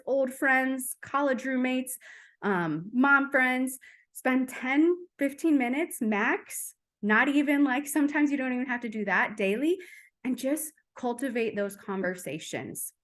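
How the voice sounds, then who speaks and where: A woman giving a casual coaching talk to her team, fast and chatty with lots of fillers. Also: high voice, fairly bright tone.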